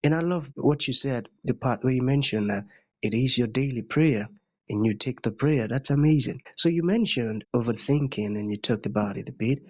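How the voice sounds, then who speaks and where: Husky-voiced male podcast host. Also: medium pitch, normal speed, highs cut off. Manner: effusive, praising. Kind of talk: interview host questions.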